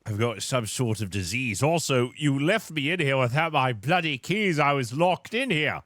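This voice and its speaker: Guy streaming as a captain in rp, big swings in pitch, hamming it up. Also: normal speed, no room sound, clean studio sound. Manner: animated, theatrical, shouting for help. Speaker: streamer playing a ship captain. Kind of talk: live role-play.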